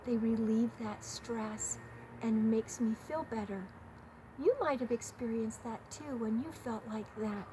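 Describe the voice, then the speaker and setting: Tender older grandmother talking to children. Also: on the high side. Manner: tender, simple words for small children. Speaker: host. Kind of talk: gentle talk to grandchildren. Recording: steady background noise.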